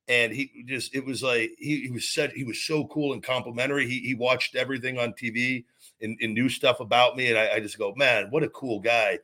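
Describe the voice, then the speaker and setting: A man's voice: medium pitch, fairly even intonation, a little fast, pushed and bright. A man in his forties, a former wrestler hosting a podcast, telling a long story in a rambling, casual way, with many repeats and restarts and some swearing.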